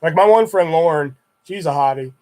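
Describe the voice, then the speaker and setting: Young man, a bit high-pitched, casual livestream chat, rambling, swears a lot. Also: brisk, darkish tone. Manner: profane, rambling, laid-back. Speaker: streamer.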